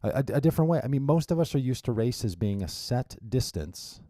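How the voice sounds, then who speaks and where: Speaking fairly quickly in a mid-range, mellow voice, a very animated man hosts his radio show solo and chats casually. He wanders through wry asides and restarts at a studio mic, and the recording is dry.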